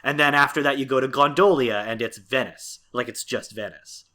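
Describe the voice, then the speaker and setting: A man co-hosting a podcast in an easy, casual way, his voice bright and forward. He rambles, circles back and fills gaps with filler words as he explains. Mid-range pitch. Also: brisk. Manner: rambling, many fillers and restarts. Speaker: podcast co-host. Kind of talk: casual chat.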